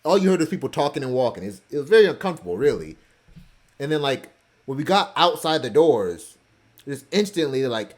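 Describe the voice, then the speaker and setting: Man vlogger, casual photo commentary, meandering with jokey asides, expressive up-and-down pitch. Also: fast. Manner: meandering, self-joking asides. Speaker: vlogger going through his cruise photos.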